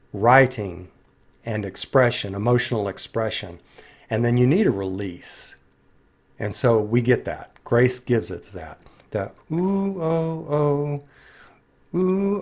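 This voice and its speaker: A man's voice: mid-range voice, slightly rough. Earnest man musing on song lyrics. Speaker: music commentator. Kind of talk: reflective song commentary.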